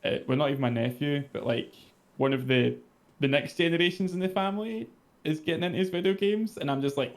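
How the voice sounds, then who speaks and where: A man with a Scottish accent, chatting casually as a co-host, relaxed and quick to laugh, often trailing off mid-sentence. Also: mid-range voice. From Scotland. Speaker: podcast co-host. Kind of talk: casual chat.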